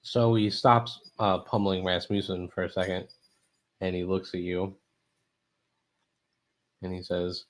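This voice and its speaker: A man's voice: low-pitched, flat delivery. A man running a tabletop game as game master, talking casually with lots of fillers and restarts. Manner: halting, filler-heavy, casual.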